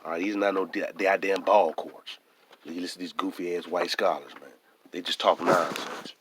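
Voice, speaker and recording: A man with a hoarse voice, talking emphatically and repeating himself in a casual vlog monologue. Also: deep voice, steady tone, moderate pace, slight background noise. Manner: emphatic and repetitive, often restarting phrases. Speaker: vlogger.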